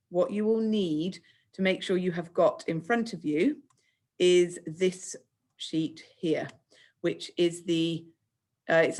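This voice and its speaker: Patient English primary teacher, low voice. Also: female voice. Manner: clear, patient, encouraging, acts out example speech lines. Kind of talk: recorded remote lesson for children.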